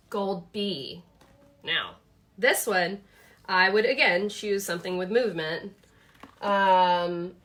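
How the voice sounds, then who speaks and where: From her home office, a woman hosts a relaxed live chat showing off her planner products. Her mid-range voice is slightly bright, and she's talkative and enthusiastic, thinking out loud with lots of fillers.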